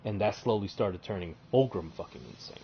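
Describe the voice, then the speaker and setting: A man's voice: fairly low pitch, fairly quick. A male streamer retells game lore in a casual, profane, filler-heavy way. His voice sits mid-range, recorded slightly muffled with a faint hiss behind it.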